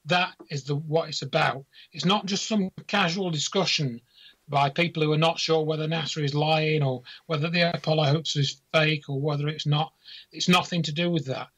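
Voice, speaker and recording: A man talking earnestly in casual chat, halting at first, then emphatic. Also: on the high side, steady tone, fairly bright tone, breathy edge. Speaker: guest. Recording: dull lo-fi audio.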